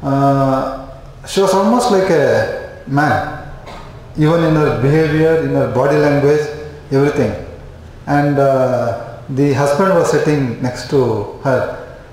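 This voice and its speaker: A man's voice: mid-range voice, slow pace, darkish tone. A man giving a live class lecture, repeating points and checking in with "okay?" again and again. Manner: repetitive, checks in with "okay?" constantly. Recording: very echoey classroom, faint noise.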